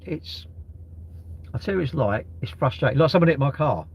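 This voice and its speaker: A man's voice: on the high side, expressive, brisk, vocal fry, a little mellow, slightly rough. A middle-aged man, rambling and swearing freely in casual live-stream chat. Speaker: livestreamer. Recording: dull, lo-fi live-stream audio.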